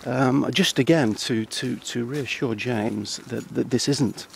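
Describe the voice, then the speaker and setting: A man speaking outdoors on a countryside path in a hesitant, halting, dry deadpan ramble full of ums and restarts. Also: medium pitch, creaky, background noise. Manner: dry, self-deprecating. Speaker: comedy vlogger.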